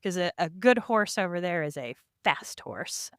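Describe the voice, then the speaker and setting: A woman's voice: lowish voice, animated, normal speed, fairly bright tone, dry recording, clean studio sound. A woman guest on a podcast, chatting and laughing as she tells about her rides, full of "you know" and "like". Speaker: podcast guest, endurance race rider. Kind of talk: casual interview storytelling.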